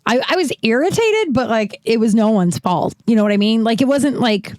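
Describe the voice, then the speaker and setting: A woman's voice: on the high side, expressive, fairly quick, darkish tone, no room sound. A woman in her thirties hosting a casual solo podcast, rambling and swearing with self-deprecating humor. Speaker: podcast host.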